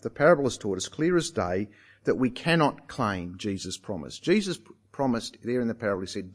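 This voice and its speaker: A man preaching a sermon, emphatic and animated, putting rhetorical questions to his listeners. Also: on the low side.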